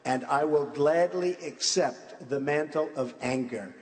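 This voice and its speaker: A man's voice: fairly high pitch, a little slow, crowd noise. Blunt man in an echoey debate hall. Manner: blunt, repetitive, conversational. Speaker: presidential candidate. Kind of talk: political debate answer. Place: large debate hall on stage.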